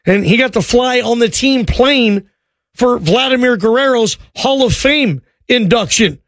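A man with a notably high voice hosts a sports call-in show. He keeps the talk moving with friendly, quick banter with callers. The sound is dry and close. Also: fairly bright tone, no room sound. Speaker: sports radio host.

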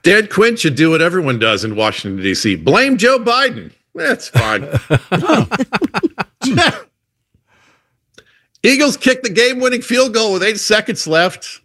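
A man's voice: sits high, sing-song, unhurried, long pauses, pushed and bright. A man rattling off topical sports jokes on a radio show and laughing at his own punchlines. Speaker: comedian doing topical jokes. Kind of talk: rapid-fire joke monologue.

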